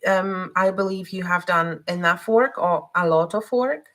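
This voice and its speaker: A woman giving a live spiritual card reading, speaking haltingly with many pauses, fillers and restarts. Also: lowish voice, a bit bright, poor audio.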